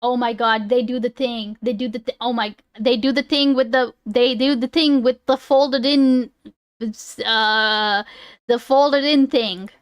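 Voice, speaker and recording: A woman's voice: fairly high pitch, fairly even intonation, a little slow, clear, resonant tone, dry recording, studio quality. A woman streamer chatting casually, swearing and laughing as she fumbles over a word. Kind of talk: casual live-stream chat.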